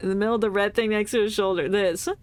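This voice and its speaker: A woman's voice: medium pitch, steady tone, quick pace, a little mellow, dry recording. A woman streaming a game, chatting and reacting playfully with frequent giggles. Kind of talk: casual game commentary.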